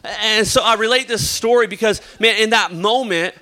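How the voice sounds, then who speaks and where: A man's voice: sits high, moderate pace, pushed and bright. A young man preaching a sermon, praying and then telling a casual story full of "like" and filler words. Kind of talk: sermon with opening prayer and personal story. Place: church or youth service hall.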